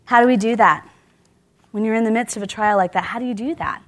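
A woman delivers a sermon in a church, her voice sitting slightly above the usual pitch. She talks to the congregation in a lively, conversational way, asking questions and laughing along. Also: fast talker. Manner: conversational, animated preaching with rhetorical questions and laughs. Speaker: preacher.

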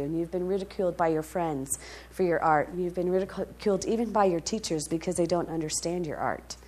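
Animated woman preaching a sermon. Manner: lively storytelling, rising to emphatic highs and dropping to soft, quiet tones; laughs often between phrases. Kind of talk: sermon with personal story.

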